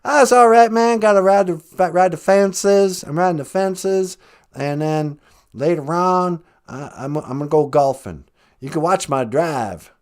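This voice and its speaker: A man's voice: high voice, measured pace. A man doing a folksy drawling ex-president. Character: folksy middle-aged ex-president, laid-back rancher. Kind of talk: comedic impression in podcast chat.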